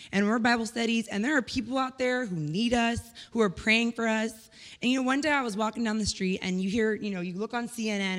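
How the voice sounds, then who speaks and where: A woman sharing a heartfelt personal testimony at church, speaking earnestly and conversationally. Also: medium pitch. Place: church hall. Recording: echoey hall reverb.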